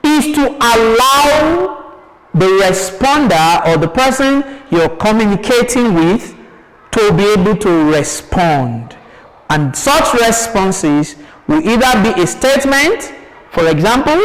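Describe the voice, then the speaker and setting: A man teaching a lesson on intonation, speaking slowly and deliberately, repeating examples with exaggerated rising and falling tones and answering his own questions. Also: high voice, big pitch swings, in a large hall, slight background noise, low-quality recording. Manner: asks pupils questions and answers them himself. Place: TV studio.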